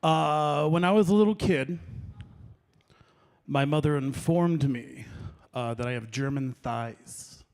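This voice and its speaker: A man's voice: on the high side, takes it slowly, creaky, darkish tone. A man in his late thirties doing a rambling, self-deprecating stand-up set at an open mic, chatting with the crowd between stories. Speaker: stand-up comedian. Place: comedy open mic in a venue.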